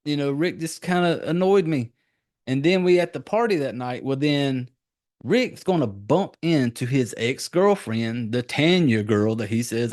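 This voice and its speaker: A man's voice: medium pitch, expressive, unhurried, darkish tone. A man in his forties, a podcast host, giving a rambling, profane casual recap of a movie.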